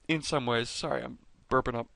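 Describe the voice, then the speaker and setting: An excited man talks casually through a fan countdown. He rambles, restarts his sentences and corrects himself as he goes. His mid-pitched voice has a gravelly fry, and it sounds dry and close, with little room sound. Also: a little fast, no echo. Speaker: fan video host ranking characters. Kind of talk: casual rambling commentary over clips.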